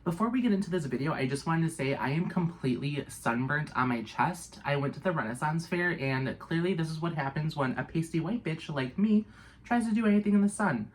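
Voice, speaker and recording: A young woman vlogger telling a storytime tale in a casual, animated way, full of fillers and swearing. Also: deep voice, brisk, a little hiss or hum.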